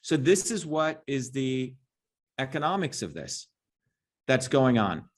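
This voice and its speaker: A middle-aged man as an interview guest, talking emphatically and combatively, often tagging on "right?". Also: mid-range voice. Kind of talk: impassioned interview talk.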